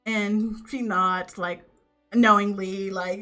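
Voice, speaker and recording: A woman's voice: medium pitch, measured pace, long pauses, bright, forceful tone, soft background music. A woman narrating a tabletop game as game master, slipping into character voices for the quoted lines.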